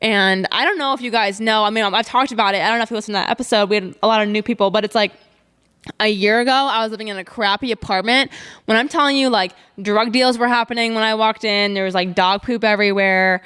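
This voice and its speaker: A woman's voice: mid-range voice, fast, a bit bright, clean tone. A young woman hosting a solo podcast, talking casually and chattily with lots of fillers and trailing "blah, blah.". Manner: chatty, filler-heavy, says blah blah often. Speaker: podcast host.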